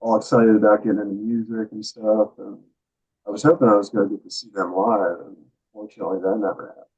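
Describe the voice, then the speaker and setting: A man answering interview questions as a guest, hesitant and soft-spoken with many pauses. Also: lowish voice, level tone, slightly rough. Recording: phone-like remote call audio.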